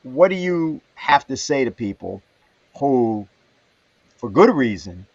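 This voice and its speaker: A man hosting a livestream panel who speaks haltingly with many fillers. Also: mid-range voice, very animated, no room sound. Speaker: host. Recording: dull dry lo-fi audio.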